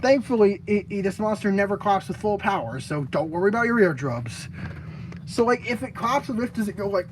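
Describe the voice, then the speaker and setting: A woman's voice: medium pitch, expressive, a little fast, slight background noise, rough recording. A young woman casually reading out her fan-game designs to a friend, stumbling and laughing at her own ideas. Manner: giggly, stumbling and self-mocking.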